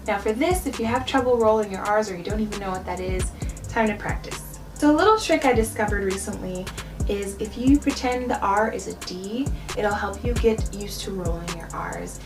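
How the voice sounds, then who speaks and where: A woman giving a patient travel-vlog language lesson, repeating each word slowly for the viewer to practice. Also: mid-range voice. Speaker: language teacher. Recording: distant mic with background music.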